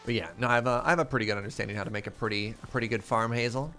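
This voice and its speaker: A man's voice: medium pitch, steady tone, rapid-fire, sharp tone, soft background music. A man chatting casually on a live stream while gaming, answering chat questions, telling stories and laughing often. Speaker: streamer playing a modded block-building game.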